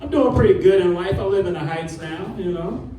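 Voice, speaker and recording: A man's voice: sits high, brisk, a crowd in the background. Stand-up man in a roomy club. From Detroit. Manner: loose, conversational delivery with frequent "man" and "you know". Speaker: stand-up comedian. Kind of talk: stand-up set. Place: comedy club stage with a live audience. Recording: roomy live club sound, audience laughter, from far off.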